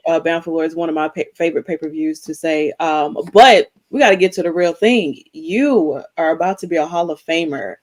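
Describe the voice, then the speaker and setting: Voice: medium pitch, brisk, hardly any pauses. A podcast co-host asking questions in a chatty, enthusiastic casual interview.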